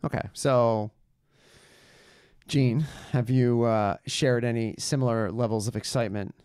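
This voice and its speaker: A podcast host interviewing guests in a relaxed way, joking with them and often restarting sentences. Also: mid-range voice, measured pace, smooth, dry recording, studio quality. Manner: stammering restarts, playful quips. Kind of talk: conversational interviewing.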